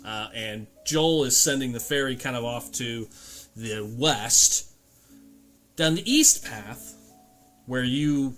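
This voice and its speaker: A man narrating as game master in a casual tabletop game, pausing often with fillers. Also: mid-range voice. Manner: relaxed, halting narration with many fillers.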